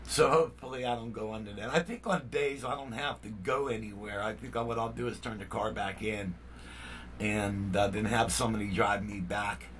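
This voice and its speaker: A man's voice: fairly low pitch, normal speed, a bit bright, distant mic, slight background noise. An older man, a musician hosting his own channel, talking to viewers in a blunt, rambling way, full of "you know what I mean.". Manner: heated and indignant. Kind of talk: casual vlog talk to viewers.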